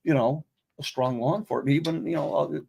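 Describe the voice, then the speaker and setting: A man's voice: fairly high pitch, fairly even intonation, quick pace, creaky, mellow, slightly rough. An older man telling rambling stories about his working life in a casual interview. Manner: rambling storyteller. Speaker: guest, veteran.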